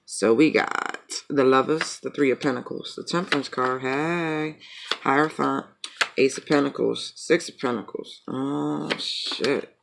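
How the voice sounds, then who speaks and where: A man's voice: mid-range voice, vocal fry, noisy background. A man rambling casually in a joking, profane manner as he chats and reads tarot cards. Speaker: tarot reader. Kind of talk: casual chat and tarot reading.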